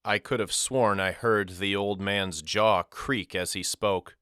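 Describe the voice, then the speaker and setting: A man reading a novel aloud as a narrator, in a measured, reflective storytelling manner. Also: on the low side, steady tone, a bit bright, clear, resonant tone, no room sound, clean studio sound. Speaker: audiobook narrator. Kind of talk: scripted first-person narration.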